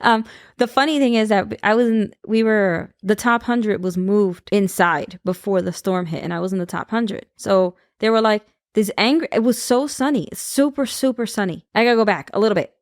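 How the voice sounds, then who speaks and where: Woman telling a story with animated voices. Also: medium pitch, moderate pace, no echo, studio quality. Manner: animated storyteller, acts out quoted people. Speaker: guest telling her life story. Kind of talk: casual podcast conversation.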